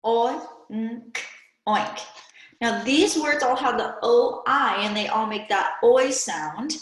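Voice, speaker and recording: Woman teacher for a kids' video lesson: slow, careful, slightly high voice, recorded in a roomy echo. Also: slight background noise. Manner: slow, clear, patient classroom delivery with prompts to pause. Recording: echoey room.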